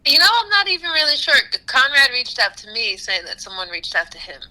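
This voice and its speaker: A woman musician chatting casually in an interview, animated, with frequent laughs and fillers. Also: on the high side, a little fast, low-quality recording. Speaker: musician guest.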